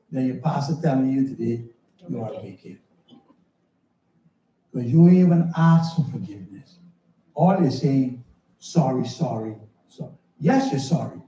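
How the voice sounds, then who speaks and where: A man preaching a sermon as pastor, animated and storytelling, sometimes shouting. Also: fairly high pitch. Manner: animated, shouting at times, storytelling with acted dialogue. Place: church. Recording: echoey church hall, mic at a distance. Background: congregation answering.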